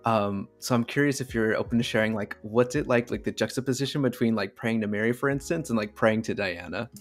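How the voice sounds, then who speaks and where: A man's voice: on the low side, fairly quick. Curious, hesitant male podcast host. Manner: curious, hesitant, uses many fillers. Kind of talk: casual interview questions.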